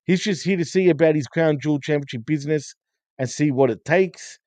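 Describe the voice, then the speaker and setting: Man, co-host, slightly high voice, dry sound, detailed casual recap. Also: a little fast, no room sound. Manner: recaps events in steady, running detail. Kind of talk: casual wrestling review chat.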